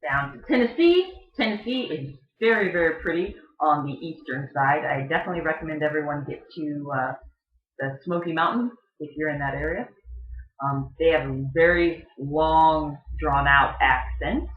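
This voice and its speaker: Casual presenter, mid-pitched voice, lots of ums, imitates pronunciations; lo-fi sound in a reverberant room. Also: normal speed. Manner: chatty, filler-heavy, mimics regional pronunciations. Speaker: video presenter. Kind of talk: casual explainer talk. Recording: dull, echoey home recording.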